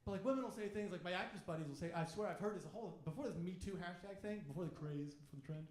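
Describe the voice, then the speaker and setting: A man performs stand-up in a comedy club, his voice sitting high and lively. He talks crudely and acts out little voices. The club room gives his mic a roomy echo, with laughter from the crowd. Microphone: handheld stage mic. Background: audience laughter.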